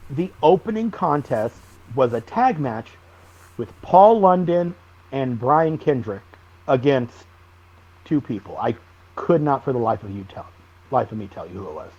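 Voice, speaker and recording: A man, a wrestling guest on a podcast, telling stories in a lively, animated way. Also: medium pitch, unhurried, pauses often, highs cut off. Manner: animated storyteller, acts out shouted quotes. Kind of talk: casual storytelling interview.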